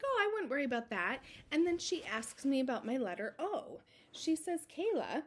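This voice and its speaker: A woman in her thirties talks casually to camera as a quilting vlogger. Her voice sits a little high, and she keeps things light and self-deprecating, breaking into laughter often.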